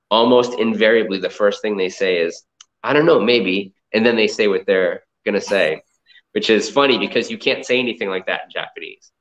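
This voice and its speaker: A man's voice: lowish voice, fairly bright tone. A man from the Boston area, a guest on an interview over a video call, telling stories in a loose, rambling way full of fillers and restarts. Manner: rambling, filler-heavy storytelling. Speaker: guest, comic art collector and entrepreneur. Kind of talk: casual interview chat. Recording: dull lo-fi audio.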